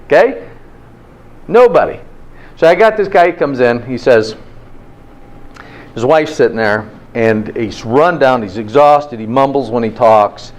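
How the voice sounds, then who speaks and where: A man's voice: mid-range voice, animated, measured pace, pauses often. A man teaching a health class in an informal, interactive way, often checking in with "okay?". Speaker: health instructor.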